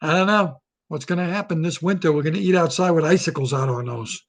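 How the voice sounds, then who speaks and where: A man talking straight to his audience in a loose comic monologue, jumping from joke to joke. His voice sits somewhat high for a man, and his tone stays sarcastic and rambling. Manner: rambling, sarcastic riffing with quick jokes. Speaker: comedian and host.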